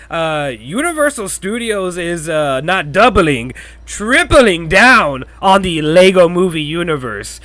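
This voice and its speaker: A man hosting his own podcast, talking casually and rambling in a loose, profane, excitable way. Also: high voice, dry recording. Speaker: podcast host. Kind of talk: casual solo commentary.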